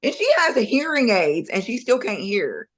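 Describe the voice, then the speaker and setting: A woman's voice: mid-range voice, very animated, normal speed. A middle-aged woman co-hosting a podcast in casual chat, blunt and agreeable, swearing freely. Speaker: podcast co-host.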